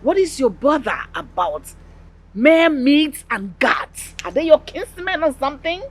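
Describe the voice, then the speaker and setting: A woman's voice: high-pitched, sing-song, measured pace. An actress with a Nigerian accent playing a dismissive queen mother who mocks her son's complaint. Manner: dismissive, mocking. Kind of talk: film drama acting.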